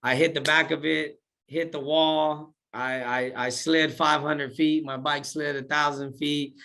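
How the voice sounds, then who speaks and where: Bright-voiced man telling his story. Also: on the high side, measured pace, creaky. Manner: animated, slangy, acts out his own past words. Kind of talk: casual storytelling interview.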